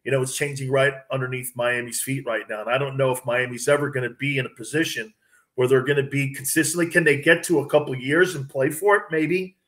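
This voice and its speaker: A man's voice: mid-range voice, quick pace. A man talking sports as a radio host guest, telling stories animatedly and acting out what others said. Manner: animated, acts out quotes from others. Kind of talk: casual sports talk storytelling.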